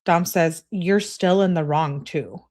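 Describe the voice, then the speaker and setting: A woman's voice: on the low side, slow pace, darkish tone. A woman commentating on a true crime case, reading out text messages and reacting bluntly with sarcasm and swearing.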